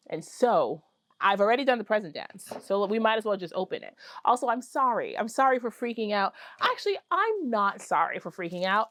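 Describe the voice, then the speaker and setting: Excitable woman vlogger, dry close sound. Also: medium pitch, no room sound. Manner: excitable, gushing, apologizes for screaming; chatty with many fillers. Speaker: fiber arts vlogger. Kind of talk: casual chat to camera.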